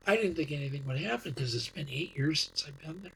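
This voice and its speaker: A man's voice: a little high, animated, fast talker, creaky, sharp tone, slight background noise, poor audio. A man, a guest on a podcast, telling a long story in a casual, rambling way, often restarting and repeating words.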